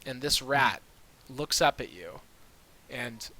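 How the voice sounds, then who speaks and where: A man narrating as dungeon master in relaxed, filler-heavy storytelling on a USB mic over a video call. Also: mid-range voice, slow pace, rough recording. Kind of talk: narrating a tabletop game.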